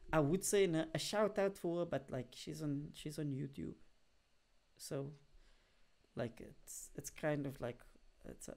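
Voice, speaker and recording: A young adult streamer, chatting casually to a live audience in a rambling way, full of fillers. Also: medium pitch. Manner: animated bursts when greeting viewers. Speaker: live streamer talking to chat.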